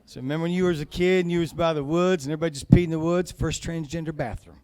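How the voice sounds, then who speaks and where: A man's voice: fairly high pitch, steady tone, rapid-fire, darkish tone, smooth. A male stand-up comedian on a comedy club stage, talking in a profane, rambling, conversational way.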